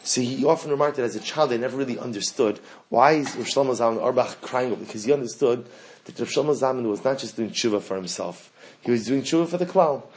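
A man's voice: medium pitch, fast, slight background noise. Impassioned man giving a Torah lecture. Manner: animated, rising to impassioned pleading; sprinkles Hebrew and Yiddish terms. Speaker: rabbi teaching a class.

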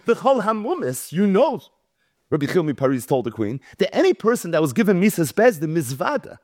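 A man's voice: high voice, a little fast, no echo, studio quality. A man teaching a Talmud lecture. He reads Hebrew and Aramaic lines, translates them, and tells the story with animation. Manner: animated storytelling, acting out quoted speakers. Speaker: Torah teacher.

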